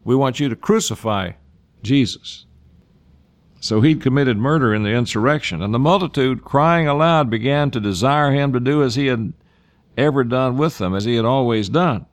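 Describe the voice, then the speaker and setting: A man preaching a sermon, reading scripture aloud with folksy asides and slowing down, his voice rising, to stress key points. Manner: emphatic, slows down and rises in pitch to stress points.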